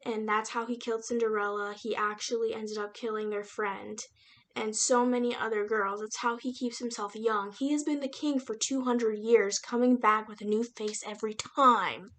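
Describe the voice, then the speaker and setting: A woman's voice: a little high, steady tone, moderate pace, a bit bright. A young woman casually retelling a novel's plot in a chatty, slangy book review vlog, with lots of fillers. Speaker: book reviewer and aspiring writer.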